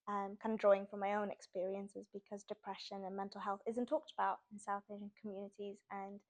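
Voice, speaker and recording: A young adult woman, an author, chatting casually in an interview and laughing often. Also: mid-range voice. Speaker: author guest.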